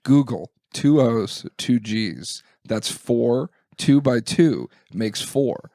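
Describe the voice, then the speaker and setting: A man's voice: mid-range voice, lively intonation, very slow, vocal fry, dark tone, no room sound, clean studio sound. A man co-hosting a comedy podcast, trading jokey banter and riffing on absurd bits. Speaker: podcast co-host.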